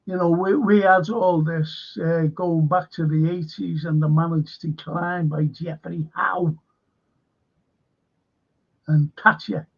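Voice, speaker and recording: A man's voice: on the high side, fairly even intonation, slow, gravelly, breathy edge, highs cut off. An older man with a Liverpool accent hosting a livestream, chatting casually and rambling through anecdotes while reading out viewer comments. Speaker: livestream host.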